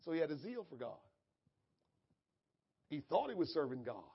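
A male preacher delivering a sermon, swinging from quiet asides to shouted climaxes and reading scripture in a measured cadence. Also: on the high side, sing-song, creaky, slightly rough, dull audio.

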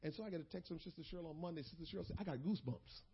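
A male pastor preaching a sermon, moving between loud exhortation and quiet storytelling. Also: on the high side, rapid-fire, breathy edge, highs cut off.

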